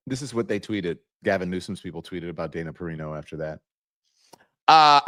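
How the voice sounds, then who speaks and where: A man hosting a political commentary show, mocking the clips he plays and breaking into high, exclaiming bursts. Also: big pitch swings, normal speed, a bit bright. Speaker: show host.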